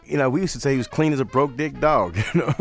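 An older man from St. Louis, telling stories as an interview guest in a relaxed manner, repeating phrases. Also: medium pitch, quick pace, creaky, soft background music. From St. Louis, USA. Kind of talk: storytelling in an interview.

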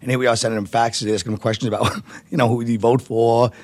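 A mid-pitched man from Brooklyn tells stories in an interview with loose, rambling energy. He laughs often as he talks. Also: little pitch movement, fast talker, a little mellow, dry recording. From Brooklyn, New York. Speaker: comedian guest. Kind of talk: casual interview storytelling.

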